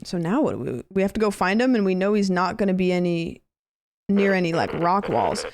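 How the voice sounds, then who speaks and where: A woman streamer giving live gameplay commentary, chatty and thinking aloud with quick reactions. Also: fairly low pitch, big pitch swings, a little mellow, no echo, studio quality. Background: game music.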